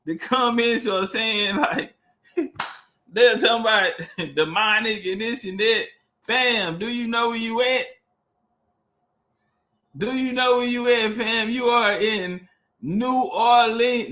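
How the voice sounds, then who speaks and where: A Texan man hosts a livestream in a high, pushed, bright voice. His casual talk is loose and profane, and he repeats words while searching for the next one.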